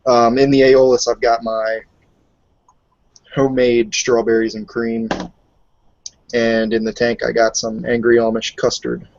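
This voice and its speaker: A man co-hosting a podcast in casual chat, relaxed and giggly. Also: medium pitch, unhurried, long pauses. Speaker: podcast co-host. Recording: dry, muffled lo-fi mic.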